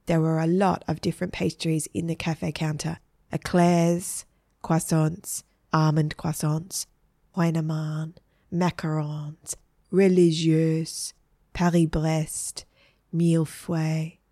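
A woman narrating a children's story in a steady, clear reading voice. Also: low-pitched, takes it slowly, dry recording, studio quality.

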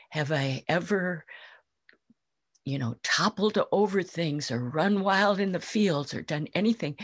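Great Joy, a woman doing a gentle patient ox. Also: lowish voice, husky, no echo, pitched above the performer's own voice, exaggerated voice. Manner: gentle, reproachful questioning. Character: patient, generous male ox.

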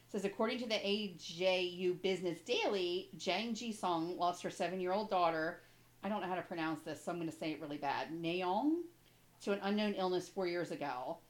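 A woman's voice: lowish voice, rough recording. Emotional chatty woman co-host. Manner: emotional, gushing, quick to tear up. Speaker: podcast co-host. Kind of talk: casual chat.

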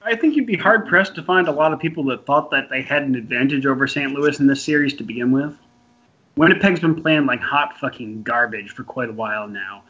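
A man's voice: medium pitch, brisk, sharp tone. A man co-hosting a casual sports podcast, sarcastic and profane in his banter. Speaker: podcast co-host. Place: in Canada. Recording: dull lo-fi audio.

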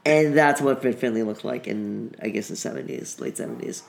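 A middle-aged man co-hosting a casual podcast, halting, with dry jokes. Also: on the low side, big pitch swings, vocal fry. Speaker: podcast co-host.

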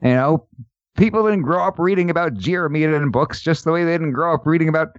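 A man's voice: on the high side, no room sound. Podcast host, man, jokey and laughing, dry slightly dull sound. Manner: joking, laughs often, halting restarts. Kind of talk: casual chat.

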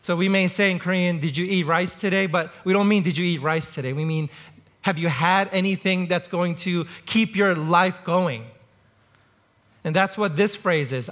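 Bright, high-voiced man preaching. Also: normal speed. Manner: conversational, illustrative preaching with acted-out quotes. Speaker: pastor. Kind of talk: sermon.

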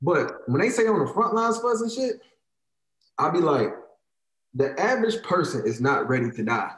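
A heated man in his thirties with an African American Vernacular English accent rants on a casual talk show, voice set high and swinging widely up and down. He swears freely and hammers his points with repetition. The room gives his voice a noticeable echo. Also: big pitch swings, normal speed, a bit bright. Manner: heated, profane, emphatic, repeats phrases for emphasis. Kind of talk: casual opinionated rant.

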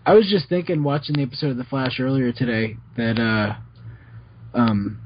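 A man's voice: mid-range voice, normal speed. A young man co-hosting a podcast in casual chat, who says "like" often. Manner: chatty, uses "like" often. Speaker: podcast co-host. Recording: dull lo-fi podcast audio with faint noise.

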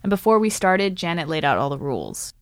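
A young woman, a radio producer, telling a personal story in a lively, wry conversational way. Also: on the low side, a little fast, no echo. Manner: lively, wry, laughs easily. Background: background music score.

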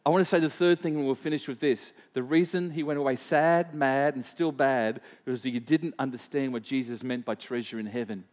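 A man's voice: mid-range voice, fairly quick, few pauses, darkish tone. A man preaching a sermon as pastor, conversational, telling personal stories and asking the congregation questions. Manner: personal anecdotes, frequent repeats and fillers.

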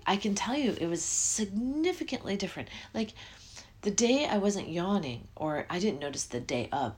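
Low-voiced woman hosting a spiritual podcast. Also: slight background noise. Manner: rambling, self-interrupting, yawning often. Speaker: podcast host. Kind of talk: casual spiritual podcast monologue.

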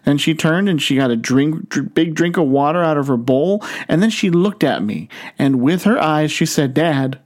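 A male pastor preaching a sermon in a storytelling manner, slowing down and stretching words for emphasis. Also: on the high side, animated, darkish tone.

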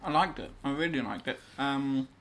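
A man's voice: mid-range voice, normal speed, a bit bright. A man co-hosting a podcast, chatting casually and teasing his partner. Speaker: podcast co-host. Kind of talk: casual chat.

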